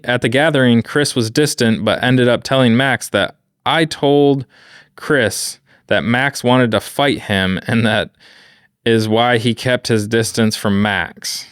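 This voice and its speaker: Smooth-voiced man reading aloud, dry close mic. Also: medium pitch, dry recording. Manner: laid-back, profane, wry asides. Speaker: podcast co-host reading stories. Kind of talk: casual chat and reading aloud.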